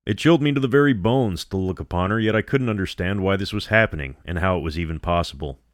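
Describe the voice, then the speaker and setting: A man narrating a first-person horror story in a steady, measured way. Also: low-pitched, no echo, studio quality.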